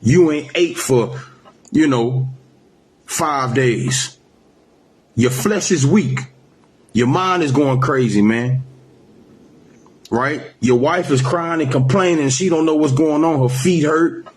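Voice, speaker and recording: A man preaching a sermon, reading scripture slowly and then driving points home with repeated "man" and "right?". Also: a little high. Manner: emphatic, ends phrases with "man" and "right?"; slows to a drawl when reading scripture. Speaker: street preacher.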